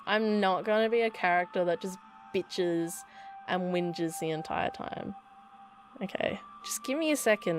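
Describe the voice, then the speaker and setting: A woman's voice: on the low side, unhurried, soft background music. A young woman hosting a let's play, reading game text aloud and chatting casually, self-deprecating with frequent laughs. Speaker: gaming video host.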